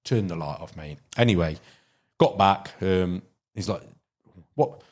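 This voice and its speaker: A man's voice: low-pitched, unhurried. A middle-aged man with an English Midlands accent, chatting casually as a podcast guest and telling rambling anecdotes full of ums and "you know". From Derbyshire, England. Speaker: podcast guest, carp angler. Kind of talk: casual podcast chat, storytelling.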